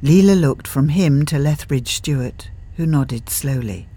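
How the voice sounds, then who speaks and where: A husky, slightly breathy voice reads a story aloud at a steady pace. The narration is scripted and evenly delivered, sitting at a middling pitch. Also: unhurried, dry recording. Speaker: audiobook narrator.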